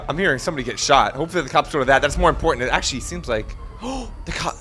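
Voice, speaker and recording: A young man playing a robber in a role-play game, giving excitable, joking commentary to himself while he drives. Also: a little high, rapid-fire, few pauses, faint music behind. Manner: excitable, jokey, talks to himself while driving.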